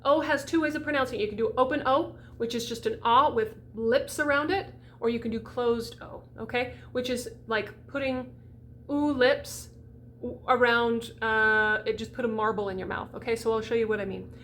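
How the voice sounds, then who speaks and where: A woman's voice: a little high, fairly even intonation, moderate pace, a bit bright, slight background noise. Chatty, emphatic woman voice coach. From United States. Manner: chatty, emphatic, demonstrates sounds aloud. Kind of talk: pronunciation lesson for singers.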